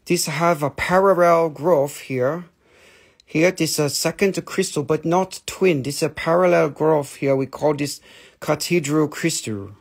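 Pushy crystal seller with a mock Chinese accent, a man putting it on; clipped sales patter, gravelly. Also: fairly high pitch, a little slow. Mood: salesy. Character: pushy middle-aged male crystal seller, broken English.

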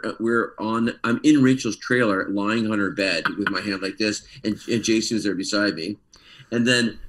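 A man, an actor guest telling an animated story with frequent laughs over a video call. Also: fairly low pitch, low-quality recording. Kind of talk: casual storytelling interview.

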